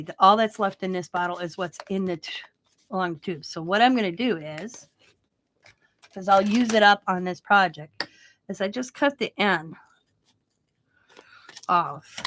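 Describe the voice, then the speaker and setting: A woman's voice: medium pitch, background noise. Chatty woman crafting at home. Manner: chatty, joking storyteller. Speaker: craft channel host. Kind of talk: casual crafting vlog chat.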